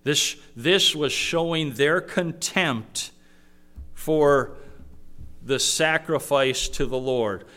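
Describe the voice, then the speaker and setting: A man's voice: on the high side, extremely slow, sharp tone. A man preaching a sermon in a conversational way, teaching verse by verse, often repeating words and acting out the voices he quotes.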